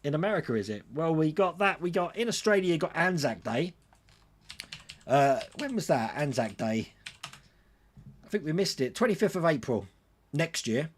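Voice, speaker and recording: A man with a fairly high voice hosts a laid-back livestream, reading viewer comments and chatting back in response. He's very animated but keeps a moderate pace, pausing often, with slight background noise behind him.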